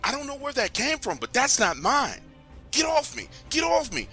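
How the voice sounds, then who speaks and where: A man voicing an angry male boss who turns defensive and shouts in a high voice. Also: lively intonation, fairly quick, soft background music. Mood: panicked.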